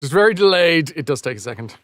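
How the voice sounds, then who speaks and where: A British man reads a campfire story aloud on his live stream, his voice sitting a little high for a man. He keeps halting to repeat tricky words and swears at himself when he slips. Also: big pitch swings, fairly bright tone, dry recording, clean studio sound. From Britain. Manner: self-correcting, swears, repeats words to practise them.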